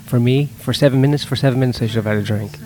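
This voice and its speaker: Comedian guy rambling about his gigs, sweary and self-mocking, middle pitch. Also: racing, darkish tone. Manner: profane, self-deprecating, rambling. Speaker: stand-up comedian. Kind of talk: casual vlog monologue.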